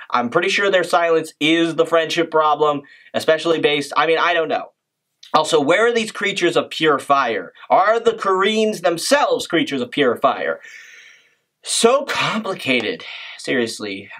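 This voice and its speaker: A man's voice: on the high side, fairly bright tone. Rambling, enthusiastic man reacting. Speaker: reaction video host. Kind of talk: casual reaction commentary.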